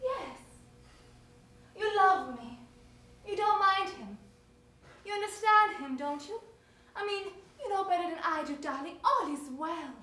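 An actress playing a poised, evasive wife who answers with a soft, soothing, deflecting delivery in a stage play. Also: female voice, extremely high pitch, expressive, measured pace, long pauses, full character voice. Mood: coaxing. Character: evasive, coaxing wife, poised and coolly teasing. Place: theater stage. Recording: very echoey theater, faint noise.

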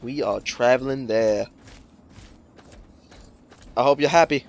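A man's voice: mid-range voice, slow, pauses often, a little hiss or hum. Jokey, swearing let's play guy. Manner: jokey, profane, rambling. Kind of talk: casual gameplay commentary.

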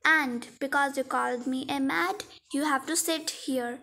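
A woman's voice: sits high, unhurried, vocal fry, sharp tone, full character voice. A woman voicing a rude, huffy woman customer in a toy cafe role-play. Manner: rude and scolding.

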